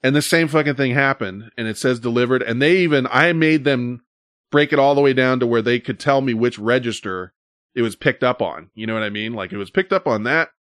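A man's voice: medium pitch, fairly quick, a bit bright, no echo, clean studio sound. A man in casual conversation, telling a long, exasperated story that wanders and swears freely. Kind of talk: casual chat.

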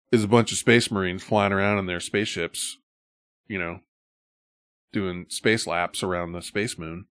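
A man telling a story in casual podcast chat, swearing freely and shouting when he acts out the scenes. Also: lowish voice, no room sound, clean studio sound. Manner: profane, animated storyteller who shouts when acting out scenes.

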